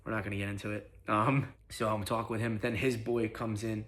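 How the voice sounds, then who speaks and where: A young man with a somewhat low voice tells a personal story in a relaxed, streetwise way. He curses often and peppers his speech with slang. He acts out what others said in quick snatches. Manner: profane, slangy, quick retelling with acted-out quotes. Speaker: vlogger. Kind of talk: casual storytelling.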